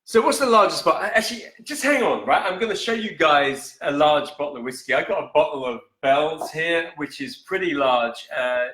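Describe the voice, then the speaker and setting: Hosting a live whisky stream, this man chats loosely, reads out comments from viewers, and corrects himself along the way. His voice is on the high side, animated, pushed, and bright, at a moderate pace with few pauses, in a roomy-sounding space; the camera faces him and he steps out of frame.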